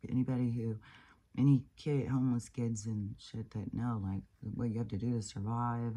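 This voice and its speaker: Husky-voiced older woman musing aloud. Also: very deep voice, mellow. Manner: rambling, reflective, casual swearing. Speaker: spiritual vlogger. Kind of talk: casual spiritual monologue.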